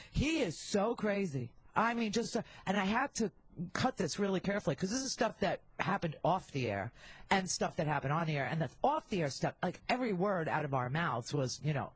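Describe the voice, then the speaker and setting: Husky-voiced talk radio hostess. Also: female voice, fairly low pitch, no echo, low-quality recording. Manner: candid, rambling, joking asides. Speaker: radio talk show host. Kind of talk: casual radio monologue. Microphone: handheld studio mic.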